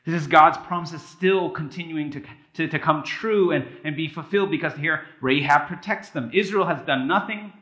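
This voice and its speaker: A man preaches in a conversational style, his voice bright and forward, and it rings around an echoey church room. He talks to the congregation like friends and slips into playful voices for the people in his stories. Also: on the high side, normal speed, few pauses, lo-fi sound. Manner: conversational, animated, acts out quotes with a raised voice. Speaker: pastor. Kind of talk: sermon.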